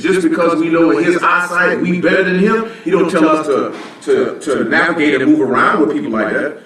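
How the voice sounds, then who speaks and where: A religious assembly teacher offers plain-spoken, conversational Bible instruction, regularly checking "you know what I'm saying." His voice is high-pitched and fairly bright, picked up from a distance in a heavily echoing room.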